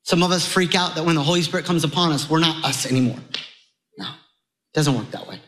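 Animated high-voiced preacher man. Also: fairly quick, rough recording. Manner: animated, conversational preaching with sudden rises in pitch. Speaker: pastor. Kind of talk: sermon.

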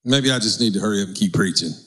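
A man's voice: fairly low pitch, rapid-fire, a bit bright, breathy edge. A male pastor preaching a sermon, calling on the congregation to respond. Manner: preaching with audience call-and-response.

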